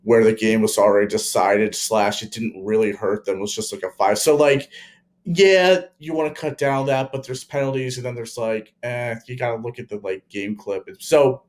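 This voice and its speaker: A young man co-hosting a casual sports chat, measured and opinionated with many fillers. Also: mid-range voice. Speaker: podcast co-host.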